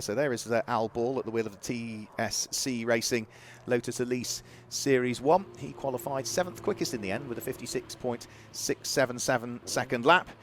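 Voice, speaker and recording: A man's voice: mid-range voice, slight background noise. A man commentating live on club motor racing, methodically reading out lap times and grid positions.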